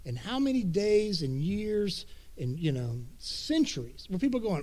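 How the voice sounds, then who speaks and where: A man preaching a sermon in a relaxed, conversational way, retelling scripture in everyday words. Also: high voice, normal speed. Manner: conversational, paraphrases scripture in casual speech. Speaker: pastor.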